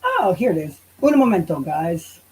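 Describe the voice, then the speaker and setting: A woman's voice: fairly low pitch, wildly swooping pitch, normal speed, mellow, slightly rough, rough recording. A woman livestreaming on her channel, ranting in a casual, profane and heated way and now and then drifting away from the mic. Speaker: YouTube livestreamer.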